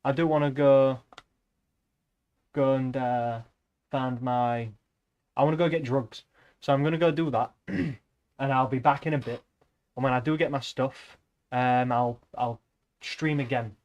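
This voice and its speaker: A young man chats casually to his stream viewers. He rambles and wanders off topic, drops swear words without a thought, and keeps his voice at an ordinary middle pitch. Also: fairly even intonation, measured pace, long pauses, darkish tone, lo-fi sound. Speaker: livestreamer.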